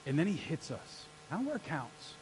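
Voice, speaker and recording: A man preaching a sermon as pastor, energetic and rallying his congregation to answer back. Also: on the high side, fairly quick, slight background noise, rough recording. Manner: energetic, rallies the congregation with call-and-response. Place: church sanctuary.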